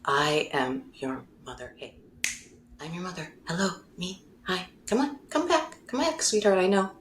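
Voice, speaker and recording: A woman's voice: medium pitch, fairly even intonation, measured pace, echoey room, slight background noise, pitched above the performer's own voice, natural voice. A woman voicing a sassy, motherly female spirit of the planet who teases and coaxes playfully. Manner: teasing, coaxing, playfully insistent.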